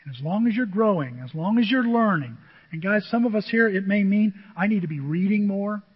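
A man's voice: high-pitched, animated, brisk, breathy edge. A male pastor preaching a sermon, driving his points home with repetition and rhetorical questions to the congregation. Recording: dull audio with long hall reverb.

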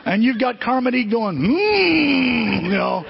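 Older male preacher, animated storyteller, raspy high voice, long reverb and muffled sound. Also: moderate pace. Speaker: pastor. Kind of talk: sermon. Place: church sanctuary. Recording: dull long-reverb church hall.

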